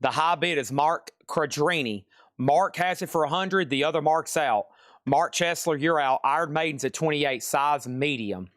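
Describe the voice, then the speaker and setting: A man hosting a live online record sale, calling out items, prices and bidders in quick sales patter, at times dropping to a soft murmur to calm his dog. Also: a little high, dry recording, clean studio sound.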